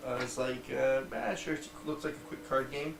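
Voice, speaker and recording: A man's voice: mid-range voice, steady tone, moderate pace, vocal fry. A man co-hosting a podcast, chatting casually about board games with lots of fillers and restarts and the odd swear word. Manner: rambling, many fillers and restarts, swears freely. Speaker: podcast co-host. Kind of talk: casual board game review chat. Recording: roomy distant mic with faint background noise.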